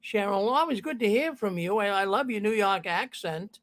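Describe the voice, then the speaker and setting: A man's voice: high voice, normal speed, a bit bright. A man hosting a call-in show, rambling and repeating himself. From Boston. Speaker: host.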